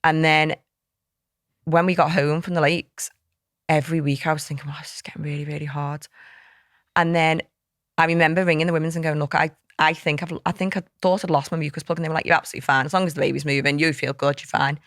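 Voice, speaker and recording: A woman's voice: low voice, flat delivery, fast talker, a bit bright, no room sound, clean studio sound. A woman, a podcast guest recounting a hard personal story in a heartfelt, tumbling way full of quoted dialogue. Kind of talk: candid personal storytelling in an interview.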